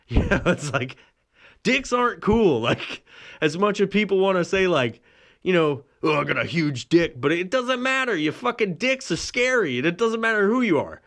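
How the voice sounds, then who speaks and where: Guy rambling thru a crude solo podcast story, cussing a lot and laughing, kinda higher voice. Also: very animated, normal speed, a bit bright. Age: adult with a son. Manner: profane rambling with frequent laughs. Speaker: podcast host.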